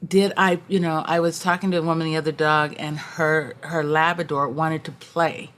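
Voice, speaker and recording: A woman executive coach appearing as a podcast guest, telling lively anecdotes and acting out the voices of people she met. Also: deep voice, normal speed. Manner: storytelling, acts out quoted voices, warm and animated. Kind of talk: conversational interview.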